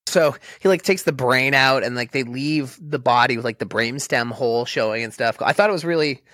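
A man's voice: medium pitch, fairly quick, a bit bright, no room sound, studio quality. A man with a Boston accent co-hosting a podcast in casual movie-review chat, joking and playful. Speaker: podcast co-host.

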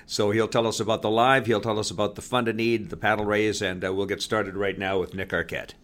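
A man's voice: lowish voice, level tone, fairly quick, fairly bright tone. A man from Canada with a Canadian accent, hosting a podcast in an upbeat, chatty way. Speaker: podcast host.

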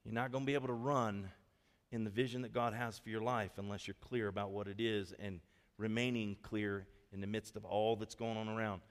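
A man preaching a sermon as a pastor, telling stories in an animated way and acting out the quotes in them. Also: on the low side, fairly quick. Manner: animated storytelling, acts out quotes. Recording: long hall reverb.

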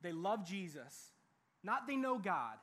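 A young man preaching a sermon in a lively, animated way, acting out what people say. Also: high-pitched, slow pace. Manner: animated, acts out quoted voices. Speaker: youth pastor.

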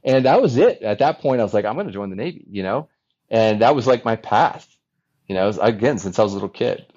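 A man in his forties with a lowish voice tells his story as a podcast guest, earnest and animated, slipping into the voices of people from his past. The recording sounds dull and lo-fi, as if the high end were rolled off. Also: quick pace. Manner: earnest, animated storyteller who often acts out remembered dialogue. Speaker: podcast guest, former Navy fighter pilot. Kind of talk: conversational storytelling.

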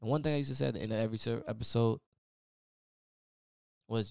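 A man's voice: mid-range voice, fairly even intonation, quick pace, creaky, a little mellow, no room sound, clean studio sound. A man hosting his own podcast, giving a casual, preachy motivational talk full of repeated "man" and "y'all.". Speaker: podcast host. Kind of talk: motivational solo podcast rant.

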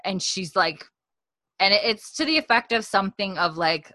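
A woman's voice: mid-range voice, lively intonation, normal speed, sharp tone, no room sound. A woman co-hosting a podcast, casually retelling a TV episode in a rambling way, full of fillers. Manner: rambling, full of "like" and "you know". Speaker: podcast co-host. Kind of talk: casual recap chat.

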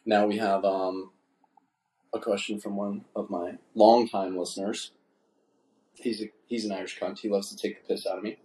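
A man's voice: fairly low pitch, level tone, moderate pace, mellow. A man hosting a casual podcast chat, rambling and swearing freely. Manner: profane, rambling, laid-back. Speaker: podcast host. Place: indoors, drinking wine.

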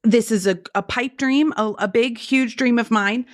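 A woman guest on a podcast interview, telling stories in a lively way and acting out the voices of people she quotes, talking from her home studio. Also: a little high, moderate pace. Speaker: guest speaker.

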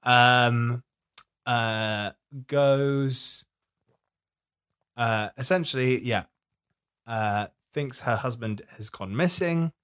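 A man's voice: medium pitch, very slow, long pauses, fairly bright tone, smooth. A man co-hosting a film podcast in casual chat, chatty and easily amused, stopping and restarting his sentences. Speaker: podcast co-host.

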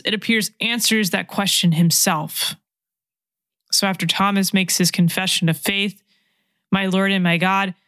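A woman giving a slow, reflective sermon. She repeats key phrases and drops to a soft whisper when she quotes scripture. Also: medium pitch, no echo, clean studio sound. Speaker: preacher.

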